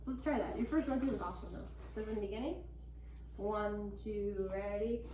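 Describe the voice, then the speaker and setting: A woman's voice: mid-range voice, fairly quick. A woman leading a school band class, upbeat and encouraging, talking casually with plenty of "like" as she explains the music. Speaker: band teacher. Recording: echoey room from a distance.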